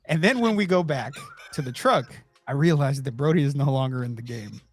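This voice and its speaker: A man hosting a podcast, telling a story in a loose, profane, animated way. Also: medium pitch, a little fast. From Texas. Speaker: podcast host. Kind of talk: casual storytelling chat.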